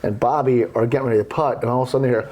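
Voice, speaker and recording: A middle-aged man telling golf stories casually on a podcast, animated and blunt with frequent swearing. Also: medium pitch, very fast. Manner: profane, animated storyteller. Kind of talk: casual storytelling.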